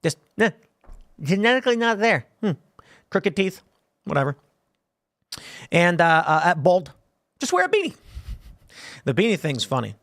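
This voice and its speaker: A man in his thirties talks through a live-stream show in a loose, rambling way, full of restarts and "like"s. His voice sits a little high and moves a lot. The sound is dry and close, with no room around it. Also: animated, moderate pace, pauses often, fairly bright tone, dry recording. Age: 30s. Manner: rambling, conversational, with frequent restarts and "like". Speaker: show host. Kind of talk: casual live-stream commentary.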